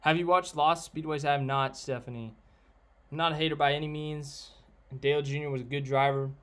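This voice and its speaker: A man's voice: on the high side, steady tone, brisk, fairly bright tone. A man chatting casually on a live stream, answering viewers and giving blunt opinions in a rambling way. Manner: rambling, opinionated, reads out chat names.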